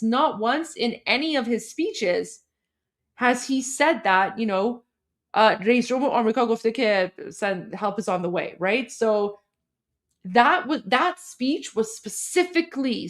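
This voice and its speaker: A woman from Iran talks casually through political news, reacting to clips and viewer comments as she goes. Her voice sits slightly high, with a chatty, animated, unscripted flow.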